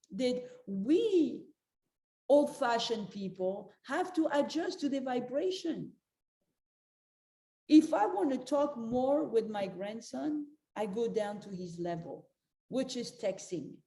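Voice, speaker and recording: A woman's voice: fairly high pitch, lively intonation, slow, dark tone. An older woman giving a motivational talk as a spiritual life coach, earnest and direct, repeating her key advice to the listeners. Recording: roomy echo.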